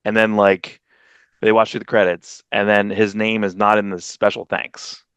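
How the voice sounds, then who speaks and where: Low-voiced guy rambling thru a con story on a podcast, jumps way up when quoting people, dry sound. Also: level tone, moderate pace, a bit bright, smooth, no room sound. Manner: rambling storyteller, acts out quotes with sudden jumps in pitch. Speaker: podcast co-host. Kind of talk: casual chat.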